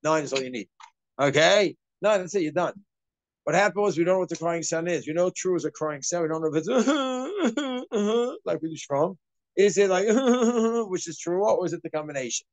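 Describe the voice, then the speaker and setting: A man gives an informal Torah class, talking quickly and animatedly. His voice sits on the higher side and is recorded close and dry. He slips into acted asides to make his points. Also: expressive, no echo. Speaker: rabbi giving a class.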